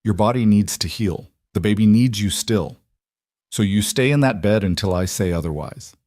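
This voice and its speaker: A man voicing an older woman midwife who speaks with blunt, calm authority. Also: fairly low pitch, moderate pace, no echo, clean studio sound, close to an everyday voice. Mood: blunt, firm. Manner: blunt, commanding.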